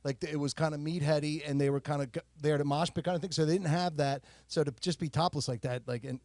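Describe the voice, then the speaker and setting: A man co-hosting a casual podcast, chatty and jokey, sharing trivia in a relaxed way. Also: a little high, quick pace, no echo. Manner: chatty, jokey, shares trivia, frequent fillers. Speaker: podcast co-host. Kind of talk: casual chat.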